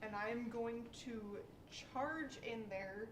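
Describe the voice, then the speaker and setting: A woman's voice: fairly high pitch, slow pace, far from the mic. A woman playing a tabletop game in a playful, eager way. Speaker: player. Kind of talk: casual tabletop play. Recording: echoey room, a bit off-mic, background noise.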